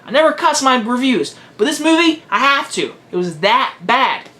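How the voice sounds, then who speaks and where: A man's voice: extremely high pitch, big pitch swings, moderate pace, pushed and bright. A teenage boy giving a casual video movie review, blunt and emphatic, hammering his verdicts home again and again. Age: teens.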